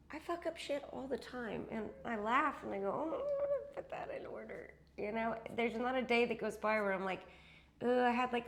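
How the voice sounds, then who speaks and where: A woman's voice: mid-range voice, vocal fry. A woman talking to her viewers in a heartfelt spiritual monologue, swearing freely and often dropping into whispers, saying she is losing her voice. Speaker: spiritual channel host.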